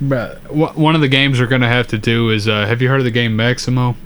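A man's voice: mid-range voice, steady tone, quick pace, a bit bright, slight background noise. A man co-hosting a podcast in casual chat, telling stories in a laid-back, profane way with frequent laughs. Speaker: podcast co-host.

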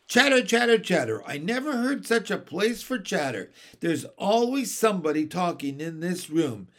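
Man doing a shrill cheeky starling. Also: big pitch swings, moderate pace. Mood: scolding. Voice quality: shrill, cockney-tinged. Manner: cheeky and wheedling. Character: shrill cheeky male starling, chatty and greedy.

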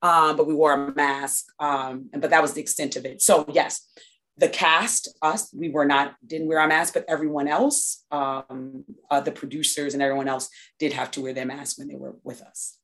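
A woman's voice: low voice, steady tone, moderate pace, a bit bright. A woman from New York, a guest in a casual interview, talking in a reflective way with many restarts and fillers.

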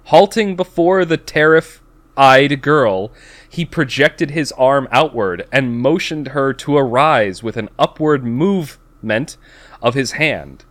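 A young man reading overwrought fiction aloud for laughs. He reads slowly and deliberately, restarting and stumbling over words. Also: medium pitch, fairly bright tone.

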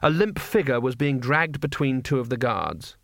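Man, audiobook narrator, measured, wry, mid pitch, dry close mic. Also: expressive, fairly bright tone, no echo.

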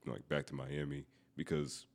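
A man co-hosting a casual podcast, laid back as he retells a news story. His voice sits very low. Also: moderate pace. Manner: relaxed storyteller, reads out news stories. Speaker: podcast co-host. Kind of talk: casual chat.

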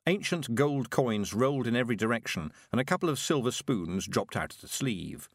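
A man narrating a comic fantasy audiobook with dry, expressive storytelling. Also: mid-range voice, moderate pace, no echo.

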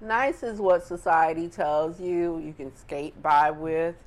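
A woman in casual conversation, expressive and quick to laugh. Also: low-pitched. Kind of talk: casual chat.

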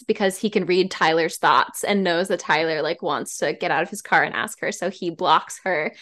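A woman guest on a podcast, chatting casually and gushing with animated enthusiasm. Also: fairly low pitch, normal speed.

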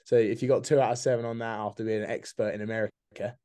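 A man's voice: on the low side, little pitch movement, fast, mellow. A man co-hosting a casual podcast, reading out quiz questions and teasing with frequent laughs. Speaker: podcast co-host, quizmaster. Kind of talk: casual banter.

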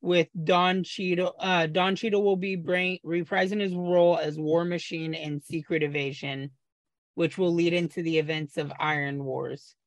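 A man's voice: fairly high pitch, steady tone, moderate pace, no echo. A man co-hosting a podcast, explaining eagerly at length in casual chat and sometimes stumbling over his words. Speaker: podcast co-host.

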